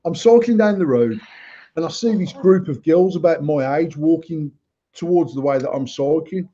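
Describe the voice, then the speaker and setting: Podcast co-host, sweary and animated storyteller, mellow husky voice, lo-fi recording. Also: male voice, on the high side, normal speed. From United Kingdom. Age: adult. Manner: sweary, animated, laughs through his own story. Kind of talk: casual storytelling banter. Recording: dull lo-fi sound.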